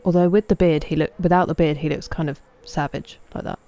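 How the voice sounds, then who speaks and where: A woman's voice: low voice, steady tone, a little fast, warm tone. An English woman in her thirties streaming a game, chatting in a rambling, self-mocking way. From England. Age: 30s. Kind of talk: casual chat.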